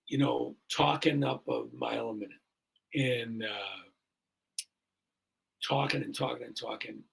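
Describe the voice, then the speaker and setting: Very gravelly and deeply husky, a fire chief in his sixties tells a story as a podcast guest, casual and earnest as he wanders through plenty of fillers. The recording is rough.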